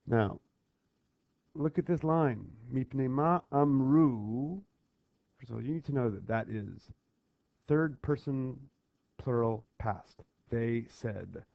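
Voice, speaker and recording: A man teaching a text lesson, lively and persistent as he drills key phrases and keeps checking that students follow. His voice sits at a middle pitch. The recording is close and dry, with a slightly dull, lo-fi tone. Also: gravelly, no room sound. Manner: animated, chanting call-and-response drills and pausing to check understanding. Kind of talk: explaining a worksheet on a Talmud text.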